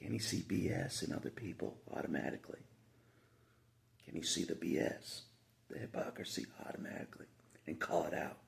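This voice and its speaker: A man's voice: low voice, fairly even intonation, brisk, vocal fry, whispered. A man talking casually to the camera in a rambling monologue, repeating himself with frequent asides.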